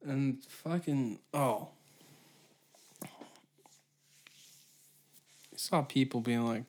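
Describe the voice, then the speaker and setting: A man's voice: medium pitch, extremely slow, pauses often. A man in his twenties hosting a solo comedy podcast, ranting profanely and sarcastically. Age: 20s. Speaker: podcast host.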